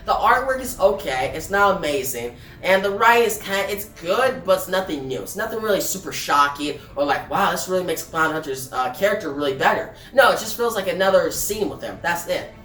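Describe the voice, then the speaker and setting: Casual woman comic reviewer, lowish voice, talking off-mic in a reverberant room with faint music under. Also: a bit bright. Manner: chatty, loose, with fillers and restarts. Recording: roomy echo, distant from mic, faint music.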